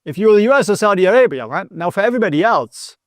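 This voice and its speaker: A man's voice: high voice, sing-song, rapid-fire, no room sound, studio quality. A man hosting an explanatory history lesson in a chatty way, with joking asides and frequent tag questions. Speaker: host.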